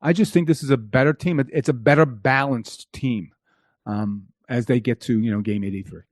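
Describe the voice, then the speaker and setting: A man's voice: mid-range voice, moderate pace, no room sound, clean studio sound. A man talking as a guest on a hockey podcast, rattling on with repeated and restarted phrases. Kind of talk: casual podcast chat.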